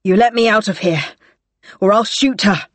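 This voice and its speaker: Woman putting on a desperate fugitive woman, rasping and hissed, tense and defiant, close dry sound. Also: medium pitch, normal speed, no echo, close to an everyday voice. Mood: threatening. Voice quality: rasping, hissing.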